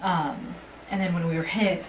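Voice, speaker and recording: A woman's voice: lowish voice, normal speed. A woman co-hosting a podcast, telling a story in casual chat and acting out the people in it. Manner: animated storyteller, acts out quotes, swears. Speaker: podcast co-host. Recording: distant mic with faint hiss.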